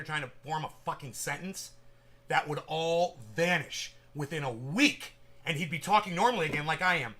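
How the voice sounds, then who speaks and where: A man hosting a livestream rambles casually with profanity, calling out viewers in chat by name. His voice is a little high, bright and forceful.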